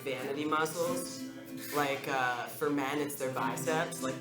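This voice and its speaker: A young man doing stand-up at an open mic, rambling with lots of ums and chuckling at his own jokes. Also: medium pitch. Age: young adult. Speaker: stand-up comedian. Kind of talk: stand-up comedy. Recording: echoey room with music behind.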